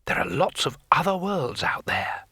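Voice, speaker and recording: A man's voice: fairly high pitch, sing-song, moderate pace, bright, forceful tone, slightly rough, no echo, clean studio sound, voice pushed up, exaggerated voice. A man doing an eager, wide-eyed little tourist. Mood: wondering. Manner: wide-eyed, breathless, wondering.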